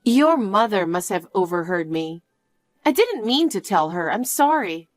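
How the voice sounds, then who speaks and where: A woman's voice: medium pitch, sing-song, measured pace, no room sound, clean studio sound. A woman telling a story in the first person and voicing its lines as the main character, in an earnest, easily surprised manner. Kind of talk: storytelling with acted dialogue.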